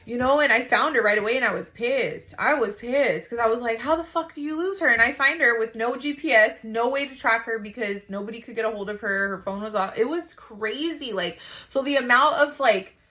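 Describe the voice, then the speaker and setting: A woman's voice: a little high, fairly quick, few pauses, bright, forceful tone. Mom talking about her faith, rambly and frank, says like a lot, swears some. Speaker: mother sharing a faith testimony. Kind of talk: casual spoken testimony.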